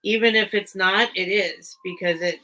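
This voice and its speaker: A woman's voice: medium pitch, steady tone, normal speed, sharp tone, a little hiss or hum, rough recording. A woman hosting a casual live sale stream, chatting in a rambling, enthusiastic way. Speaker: online sale host. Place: at home among her collection.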